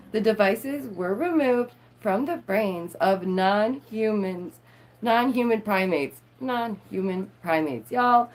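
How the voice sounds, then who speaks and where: A woman's voice: fairly high pitch, darkish tone. A woman, live streaming and reading news aloud with playful, sarcastic asides to her viewers. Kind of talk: casual live-stream commentary.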